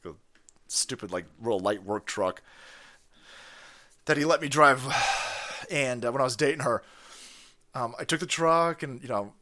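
A man hosting a livestream, ranting casually in a profane, animated way and often breaking into laughter. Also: medium pitch, unhurried, pauses often. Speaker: livestream host.

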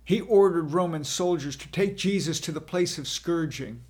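A man narrating a dramatic scripture retelling as the apostle Peter, in a deliberate, solemn way. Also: a little high, darkish tone.

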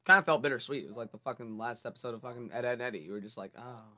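Bright-voiced young man in laid-back chat. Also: medium pitch, racing. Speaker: podcast co-host. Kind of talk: casual chat.

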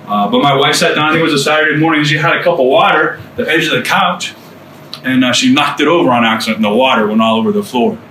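A man's voice: mid-range voice, fast, bright, forceful tone. Earnest man preaching in an echoey room. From United States. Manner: conversational, earnest, many "you know" and "man" asides. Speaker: speaker sharing testimony. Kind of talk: informal preaching to a small group. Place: room with a small group. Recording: roomy, distant mic, faint room noise.

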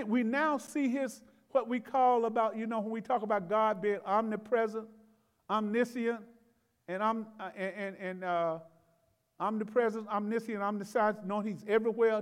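A male pastor preaching a Bible-teaching sermon in a folksy, conversational way, with chuckles, repeated words and loud bursts of emphasis. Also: high voice, in a large hall. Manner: rises to loud exclamations for emphasis. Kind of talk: expository sermon.

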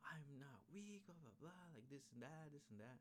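A man's voice: medium pitch, very fast, gravelly, a little hiss or hum, close to an everyday voice. A man voicing a petulant, bratty female demon who whines and sulks. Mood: whiny. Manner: sulky, whining.

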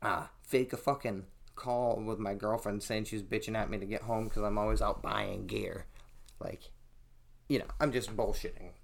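A man's voice: fairly low pitch, normal speed, creaky. Young male podcast host, casual and profane storyteller. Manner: profane, animated storytelling, acts out quotes.

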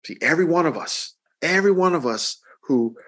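A man's voice: on the high side, lively intonation, brisk, fairly bright tone. A middle-aged man preaching a sermon in a loose, conversational way, often repeating words and checking in with "right?". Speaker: pastor.

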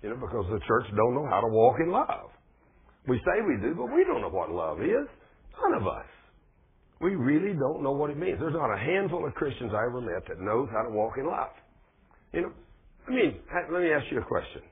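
A man preaching a sermon in a folksy, conversational way, husky, pushing hard on key points. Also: medium pitch, big pitch swings, fairly quick. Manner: folksy, conversational preaching with plain speech and rising emphasis. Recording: phone-like, thin lo-fi recording.

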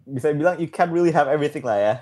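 A man's voice: a little high, expressive, quick pace, darkish tone. A young man with an Indonesian accent hosting a casual chat, playful and chatty, full of slang. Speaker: host.

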